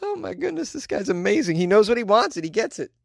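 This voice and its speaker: A man's voice: high-pitched, sing-song, fast talker, vocal fry, no echo, studio quality. A man hosting a comic news podcast, cracking jokes and laughing at his own asides. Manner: wisecracking, laughs often, riffing asides. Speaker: podcast host. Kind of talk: comedic news commentary.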